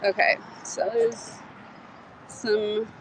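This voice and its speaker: A woman's voice: mid-range voice, level tone, very slow, low-quality recording. A woman chatting casually on a livestream outdoors, rambling, laughing and swearing as she talks. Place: outdoors in a community garden. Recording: faint outdoor noise.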